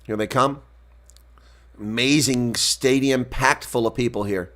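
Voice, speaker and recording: Alone on the mic, this man narrates a rugby game live in a mid-range voice at a measured pace. He's relaxed while calling plays and talking with his stream audience, then erupts into shouts at the big moments.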